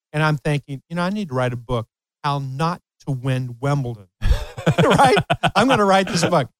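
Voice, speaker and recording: Laughing storyteller man, smooth voice. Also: a little high, fairly bright tone, dry recording. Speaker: host, tennis coach. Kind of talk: storytelling in casual chat.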